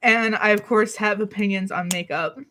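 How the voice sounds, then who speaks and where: A beauty YouTuber chats on her home vlog in a small city apartment alcove, her medium-pitched voice steady, a bit bright, and moderately paced, with a little hiss or hum in the recording. She rambles and jokes at her own expense, sounding slightly out of breath and coughing now and then.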